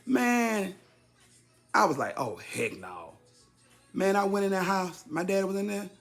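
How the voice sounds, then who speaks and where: A man in his fifties telling a personal story casually to his listeners, repeating himself for effect and jumping high and loud whenever he acts out what someone said. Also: moderate pace, gravelly, faint music behind. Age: 50s. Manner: animated, leaps high and loud when acting out quotes; talks straight to the audience, repeating himself.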